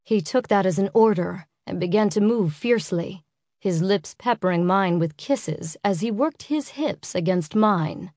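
A woman's voice: mid-range voice, unhurried, darkish tone, no room sound, studio quality. Woman narrating an intimate audiobook. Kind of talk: first-person romance audiobook narration.

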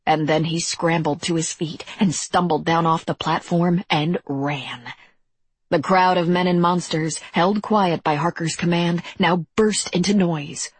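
Brief: female audiobook narrator, deliberate and measured, low-pitched and breathy, dry studio sound. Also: no room sound.

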